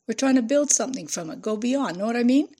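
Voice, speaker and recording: A woman's voice: on the high side, animated, quick pace, mellow, husky. A woman reading an eager young woman assistant who talks in a breezy, defensive way.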